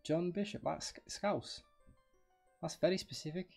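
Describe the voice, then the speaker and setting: A man streams a video game live, rambling along and joking with his viewers. His voice sits a little high with a gravelly edge. Faint game music plays behind him. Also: lively intonation, moderate pace, darkish tone. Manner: chatty, rambling, joking with chat.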